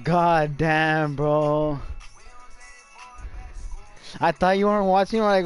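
A man streaming a game live, shouting and swearing excitedly, repeating phrases over and over. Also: sits high, slow, long pauses, clean tone, soft background music. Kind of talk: hyped live gaming commentary.

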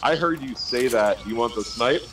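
A man's voice: mid-range voice, moderate pace, a loud crowd, rough recording. A man playing an online shooter as a teammate, giving short, easygoing replies over a gaming headset. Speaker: teammate on a game stream. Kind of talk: casual gaming chat.

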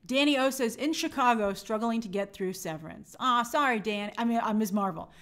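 A woman's voice: on the high side, fairly quick, fairly bright tone. A young woman hosting a movie live stream, chatting upbeat and reading out viewer comments.

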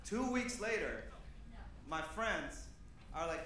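A man's voice: on the high side, moderate pace, bright, forceful tone, heavy reverb, a little hiss or hum. A man in his thirties, originally from Peru, doing a stand-up set in a comedy club with a loose, rambling delivery full of fillers. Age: 30s.

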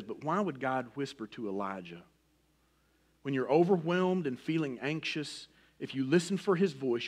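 Speaking in a mid-range voice, a middle-aged pastor preaches in a folksy, personal way. His sermon shifts from loud emphasis down to a hushed near-whisper.

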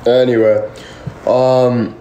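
A man's voice: mid-range voice, level tone, extremely slow, warm tone, echoey room, highs cut off, slight background noise. A young man hosting a casual livestream, talking passionately and swearing a lot as he rambles and answers chat. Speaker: livestream host. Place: room indoors. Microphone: phone or camera at a distance.

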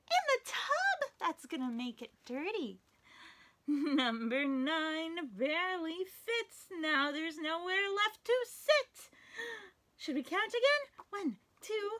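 Library story lady for small kids, very high bright voice, unhurried, sing-song delivery. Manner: animated, sing-song, exaggerated for kids, counts along. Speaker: children's librarian, story time host. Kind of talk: reading picture books aloud to young children.

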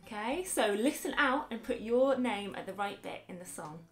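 Woman, 30s, high voice, cheerful kids' music teacher, clear and encouraging. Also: animated, very noisy. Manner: upbeat, encouraging, speaks slowly and clearly to young children. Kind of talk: children's music lesson.

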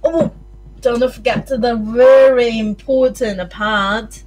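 A woman with a New Zealand accent leading a circle-time lesson for young children, with a sing-song, animated way of talking. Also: a little high, slow, soft background music. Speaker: early childhood teacher.

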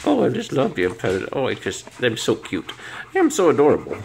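A man voicing his cheerful, affectionate golden retriever in a high, sweet baby voice. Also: huge pitch swings, normal speed, vocal fry, darkish tone, slight background noise. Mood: gushing. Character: cheerful adoring male golden retriever dog.

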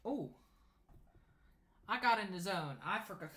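A man's voice: high-pitched, animated, unhurried, bright, forceful tone, roomy sound. A young man in his late teens hosting a casual sewing livestream, chatting and reading viewer comments aloud as he answers them. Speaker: sewing channel host. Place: home sewing room.

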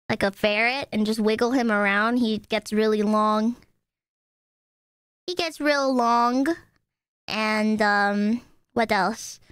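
A woman's voice: fairly high pitch, a bit bright, clear, resonant tone, no echo. A woman streamer chatting casually while gaming, playfully dramatic and indignant, talking to her chat and her cat.

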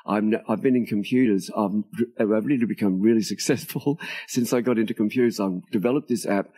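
Speaking fairly quickly in a low, dark, husky voice, this older Australian author is a guest in an interview, telling stories in conversation. He laughs a lot and performs the dialogue he quotes, and the setting is outside a tropical home close to a beach.

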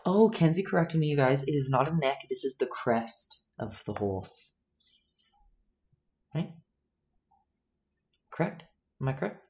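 Teaching painting on a livestream, a young woman chats casually with her chat viewers while she works. She speaks a little slowly in a rumbling low, darkish, expressive voice, pausing often.

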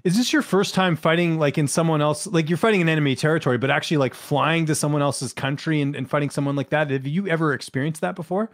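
Male interviewer, very fast talker, slightly high, direct questions. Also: no echo, studio quality. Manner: brief acknowledgements, direct questions.

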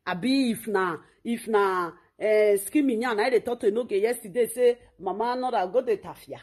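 An online commentator with a Nigerian Pidgin English accent delivers a ranting monologue, scolding in a mocking, insulting way and referring to herself in the third person. Her mid-range voice is a little mellow, and she speaks at a normal speed.

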